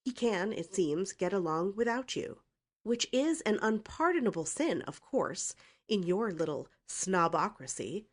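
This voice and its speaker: Storybook role: a defiant young woman with a sharp tongue, read by a woman narrator. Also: mid-range voice, big pitch swings, a little slow, voice pushed up. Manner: brazen, cutting retorts.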